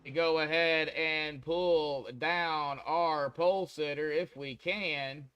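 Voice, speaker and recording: A man's voice: on the high side, steady tone, takes it slowly, a bit bright, clear, resonant tone, highs cut off. A man commenting on an online sim race as host, chatty and folksy, talking to drivers like buddies. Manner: chatty, folksy, calls people buddy. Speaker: race broadcaster.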